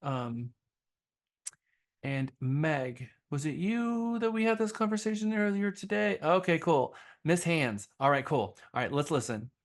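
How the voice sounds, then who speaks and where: A man's voice: fairly high pitch, measured pace. A man leading a live sales training class in a casual way, with many ums and uhs.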